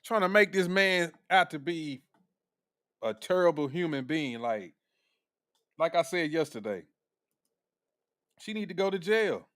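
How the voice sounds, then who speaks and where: A man's voice: fairly high pitch, expressive, a little slow, pauses often, fairly bright tone, dry recording, studio quality. A man hosting a casual reaction commentary, blunt and profane, laughing often. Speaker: commentary host.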